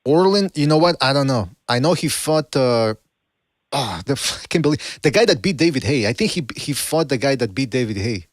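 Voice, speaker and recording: A man hosting a call-in podcast in casual chat, a non-native English speaker, animated and mocking with frequent restarts. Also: mid-range voice, a little fast, no echo, studio quality. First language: not English. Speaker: podcast host.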